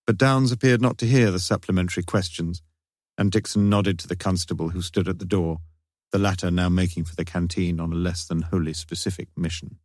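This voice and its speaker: A man reading an audiobook detective novel in a measured, wry narration. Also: low-pitched, steady tone, darkish tone, no echo, studio quality. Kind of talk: scripted narration.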